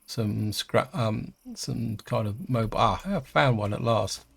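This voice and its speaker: Gravelly man musing through a game. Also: lowish voice, measured pace, a bit bright. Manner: chatty, hesitant, thinks aloud with many ums. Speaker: gaming channel host. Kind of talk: casual let's-play commentary.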